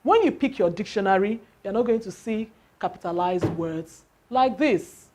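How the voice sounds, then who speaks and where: A woman's voice: medium pitch, expressive, normal speed, a little mellow. A woman teaching a lesson on word stress, spelling out letters and asking the class rhetorical questions.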